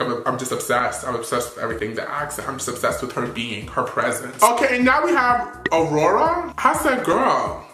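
A man giving sassy, animated red carpet fashion commentary full of playful slang. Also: on the high side, echoey room.

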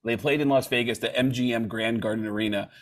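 A man casually telling a story with animated delivery. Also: fast talker. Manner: animated, swings his pitch widely while telling a story.

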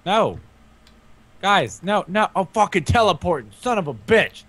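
A man's voice: high-pitched, sing-song, fairly bright tone. A man chatting casually while playing a multiplayer horror game, teasing and easily frustrated. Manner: playful, teasing, quickly frustrated. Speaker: gamer playing the hunter. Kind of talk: casual multiplayer gaming chat.

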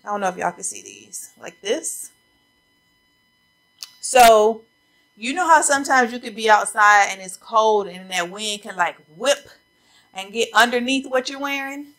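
A fashion vlogger chats casually with her viewers about coats in a try-on haul, calling them y'all and sounding slightly out of breath. Her voice sits on the high side, a bit bright, at a measured pace. The camera mic faces a ring light and the recording is rough.

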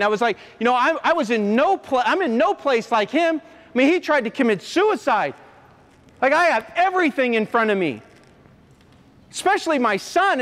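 A man who is a former coach and motivational speaker, telling an emotional personal story to an audience in an earnest, halting way. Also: very high-pitched, a bit bright. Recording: long hall reverb.

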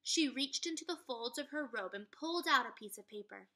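A young adult woman, a teacher, reading a chapter book aloud to second graders in an expressive way. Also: sits high, a little fast. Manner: expressive, speaking to children. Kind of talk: storybook read-aloud.

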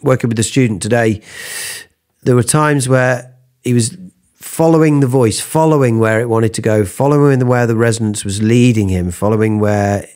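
British singing teacher, relaxed and encouraging. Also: male voice, mid-range voice, normal speed. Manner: relaxed, encouraging, talks while demonstrating. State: slightly under the weather after sneezing. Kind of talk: spoken vocal lesson between sung exercises.

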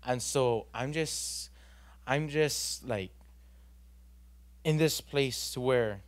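A man's voice: mid-range voice, drawn-out words, pauses often. A young man, giving an earnest, rambling personal testimony at a church youth gathering, full of fillers and restarts.

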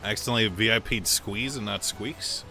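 Bright-voiced, profane livestreaming man. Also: lowish voice, brisk, faint music behind. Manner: profane, joking, laughs often. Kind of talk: casual stream chat.

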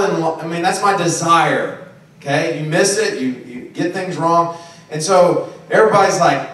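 Brief: male pastor, high voice, preaching loosely and conversationally, miked from afar in a very echoey room. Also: fairly bright tone. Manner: conversational preaching with frequent "okay?" and "right?". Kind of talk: sermon. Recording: very echoey, distant room recording.

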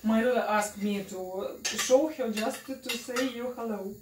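A young Russian-accented woman chatting in a home cooking vlog, halting and full of fillers and restarts. She speaks slowly, with a fairly high voice. Her voice comes from a few steps away from the mic in an echoey room, with clear noise behind it. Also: far from the mic. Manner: hesitant, many fillers and restarts, laughs often. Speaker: family vlogger. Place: home kitchen.

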